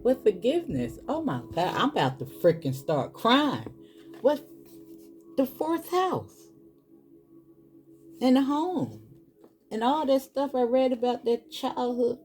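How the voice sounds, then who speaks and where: A woman's voice: on the high side, slow, long pauses, soft background music. A woman, doing a casual tarot reading and talking straight to her viewers. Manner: animated, exclaiming, talks straight to viewers as boo and y'all. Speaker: tarot reader.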